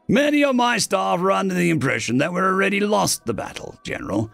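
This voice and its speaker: A man voicing a panicking male alien general with mandibles, high-strung and melodramatic. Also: expressive, brisk, gravelly, fairly bright tone, no room sound, full character voice. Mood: despairing, hysterical.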